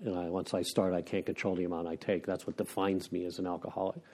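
A middle-aged man from Pennsylvania shares candidly at a recovery meeting, his low, slightly mellow voice delivered flatly and at a quick pace. He is frank and wry, rambling, restarting his sentences, and laughing at himself.

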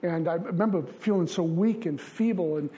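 A man's voice: high-pitched, moderate pace, dark tone. A man from Brooklyn, giving an earnest, confessional recovery testimony in a repetitive style. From Brooklyn, New York. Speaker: recovery speaker.

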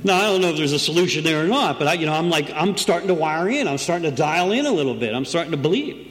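A man's voice: on the high side, lively intonation, quick pace, a bit bright. A middle-aged man telling his recovery story to a group in a conversational storytelling way, often asking "right?". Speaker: recovery meeting speaker. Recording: long reverb in a room, faint background noise.

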